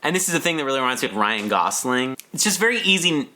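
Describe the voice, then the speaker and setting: A man co-hosting a podcast, chatting casually about a film in an animated way and drawing on his own acting experience. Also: mid-range voice, quick pace. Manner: animated, chatty, slips into playful put-on voices. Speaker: podcast co-host.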